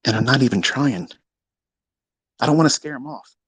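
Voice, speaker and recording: A man hosting a live audio room, ranting in a casual, heated way. He is profane, taunting and boastful, and he swings between loud outbursts and low mutters. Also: lively intonation, moderate pace, slightly rough, no room sound.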